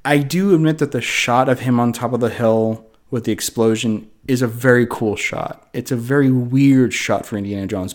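A man in his thirties, a podcast co-host, telling a story in casual movie chat and acting out his own reactions. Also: mid-range voice.

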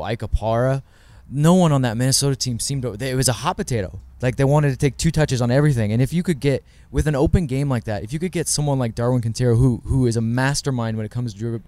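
A man co-hosting a casual sports podcast, giving quick, earnest match analysis. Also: medium pitch, a little mellow. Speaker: podcast co-host, works in club's digital department.

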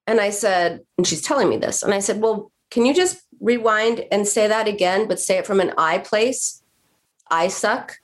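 A woman therapist on a podcast, explaining calmly and acting out what patients say to themselves. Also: mid-range voice, moderate pace. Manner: explanatory, acts out patients' self-talk. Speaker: therapist guest. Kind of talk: podcast conversation.

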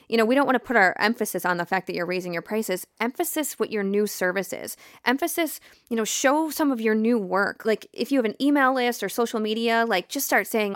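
A woman's voice: fairly high pitch, lively intonation, fairly quick, fairly bright tone, dry recording, studio quality. A woman hosting a podcast, giving enthusiastic, chatty business advice with plenty of fillers. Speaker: podcast host. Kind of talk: casual advice chat.

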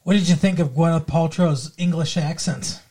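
A man's voice: fairly high pitch, normal speed, dark tone, breathy edge. Rambling, teasing male podcast host. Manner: rambling, teasing, full of trivia. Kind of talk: casual chat.

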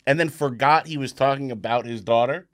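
A man's voice: mid-range voice, brisk, a bit bright. A man, a comedian co-hosting a podcast, telling an anecdote with frequent laughter. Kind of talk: casual chat.

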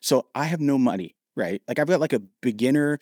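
A man from Ohio, a podcast guest, telling lively stories and acting out the dialogue. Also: medium pitch, brisk, husky, dry recording, studio quality. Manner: animated, acts out quoted dialogue. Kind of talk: storytelling in a podcast interview.

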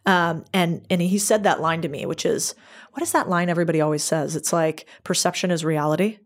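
A woman talking as a podcast guest, her voice sitting a little low for a woman. She tells her stories in a candid, chatty interview style and slips into quoted dialogue as she goes. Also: animated, fairly quick. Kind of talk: casual interview storytelling.

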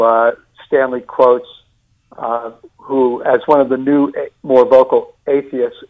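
A man with a New York accent, discussing and critiquing a sermon series in a deliberate way with many fillers and restarts. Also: medium pitch, phone-quality sound.

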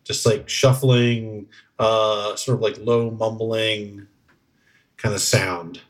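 A man's voice: on the low side, fairly even intonation, takes it slowly. A man running a tabletop game as game master, describing scenes in a rambling way full of fillers. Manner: rambling, searches for words with many fillers.

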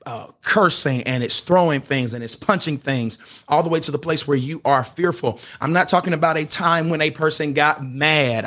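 A man's voice: fairly high pitch, fairly bright tone. A man hosting an advice podcast, teaching in an emphatic, preacher-like way, often restarting his sentences and pushing points with "get this" and "hear me". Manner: often restarts and stumbles over words. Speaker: podcast host giving relationship advice.

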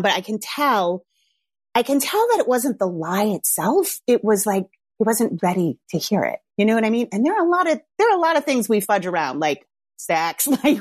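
A woman's voice: mid-range voice, a little mellow, dry recording, studio quality. A middle-aged mother animatedly telling a story to her viewers, laughing and acting out the voices of the people she quotes.

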